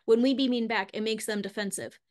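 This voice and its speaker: Speaking a little fast in a slightly high, darkish voice with fairly even intonation, a woman author shares her feelings openly as a podcast guest. She sounds emotional and candid, with many fillers.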